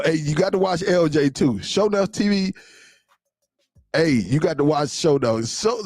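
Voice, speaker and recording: A man's voice: on the high side, a little mellow, no echo. A man hosting a casual live-stream show, talking loosely to his viewers and laughing often.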